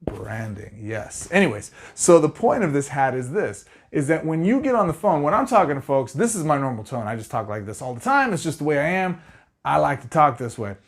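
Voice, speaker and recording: A middle-aged man giving sales tips straight to the camera, energetic and conversational. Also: on the high side. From Arizona. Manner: energetic, conversational, fast-talking. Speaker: sales trainer.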